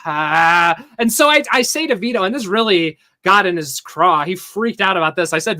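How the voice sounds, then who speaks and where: A male podcast host talks in a loose, rambling way, reading out chat messages and padding his story with filler words and chuckles. His voice is bright and slightly tense. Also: extremely high pitch, animated, a little fast, few pauses.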